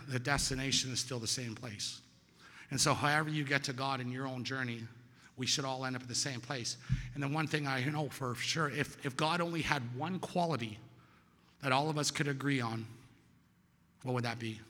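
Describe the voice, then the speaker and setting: Bright-voiced man telling his recovery story. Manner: conversational, storytelling, asks "right?" often; acts out quoted voices, louder and higher. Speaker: recovery meeting speaker. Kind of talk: personal testimony talk. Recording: hall reverb.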